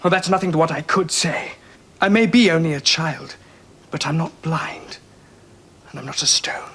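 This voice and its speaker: A husky, wounded young prince. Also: male voice, a little high, brisk, fairly bright tone. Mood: bitter. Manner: bitter, pleading. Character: young male prince, resentful, wounded son. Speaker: emperor's son. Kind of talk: 1970s television period drama.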